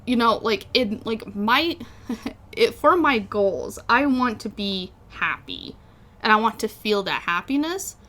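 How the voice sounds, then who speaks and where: A woman's voice: fairly high pitch, animated, unhurried, pushed and bright. A young woman co-hosting a casual podcast, rambling through many fillers and teasing her co-host. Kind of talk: casual chat.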